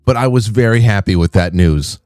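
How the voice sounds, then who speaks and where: A man hosting a livestream, telling a rambling, animated story in casual chat. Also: on the low side, fairly quick, dry recording, clean studio sound, soft background music. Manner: rambling, animated, many restarts. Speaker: livestream host.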